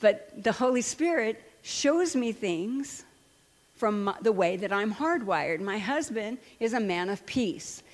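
An older woman preaching in a large hall, her voice trailing into a long reverb. She tells stories animatedly, laughs often, and speaks at a middle pitch. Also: animated, slow pace. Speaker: Christian speaker and counselor. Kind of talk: sermon with personal stories.

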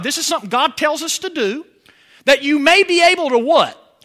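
High-pitched, bright-voiced preacher man. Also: lively intonation, normal speed. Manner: preaching with rising emphasis and call-and-response questions. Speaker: pastor. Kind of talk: sermon.

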